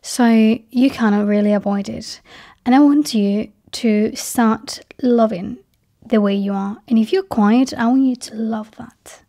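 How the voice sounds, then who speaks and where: Her fairly high voice kept soft, a vlogger speaks personally to her viewers. Breathy half-whispers creep in often, and she weighs key words with slow, deliberate emphasis.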